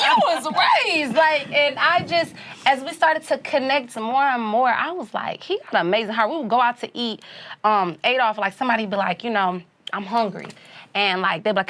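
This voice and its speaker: A woman's voice: a little high, a little hiss or hum. Candid woman telling a personal story. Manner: animated, drops into quoted voices, many "you know what I'm saying". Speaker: podcast guest.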